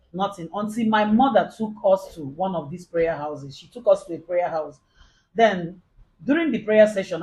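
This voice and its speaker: A woman's voice: lowish voice, darkish tone, poor audio. Earnest Nigerian woman telling her story. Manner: earnest, retells others' words in quoted dialogue. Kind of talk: first-person confessional storytelling.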